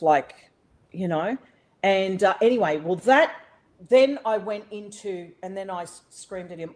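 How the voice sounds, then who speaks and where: Recorded in low quality, a middle-aged Australian woman guests on a podcast and recounts a personal story conversationally. She is animated and blunt, swears freely, and fills her talk with fillers and restarts, her medium-pitched voice unhurried.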